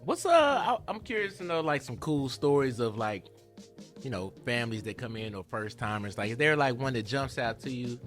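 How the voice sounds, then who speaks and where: A man hosts a casual interview, his voice bright and full of swings in pitch. He asks playful, animated questions inside a restaurant. Faint music plays behind him. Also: normal speed. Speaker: show host. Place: indoors in a restaurant. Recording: music in the background.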